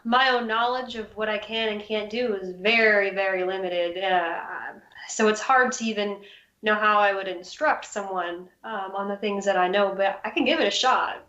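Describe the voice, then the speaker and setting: A woman's voice: medium pitch, moderate pace, bright, forceful tone, lo-fi sound. Chatty woman player in an echoey room. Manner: chatty, hedging with fillers. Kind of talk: tabletop role-play. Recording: roomy echo.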